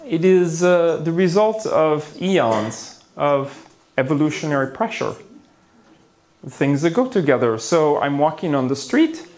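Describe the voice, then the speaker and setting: A man's voice: on the high side, big pitch swings, unhurried, darkish tone. A man giving a conference lecture on the brain, playful and theatrical, with gasps, asides and small jokes for the audience. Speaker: neuroscience lecturer. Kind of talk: conference talk. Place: conference hall before an audience.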